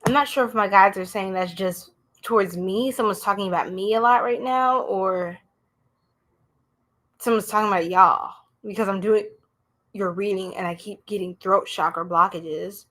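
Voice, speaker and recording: A woman's voice: medium pitch, moderate pace, a bit bright. A woman doing a casual live-stream tarot reading, chatting with viewers in a slangy, blunt way.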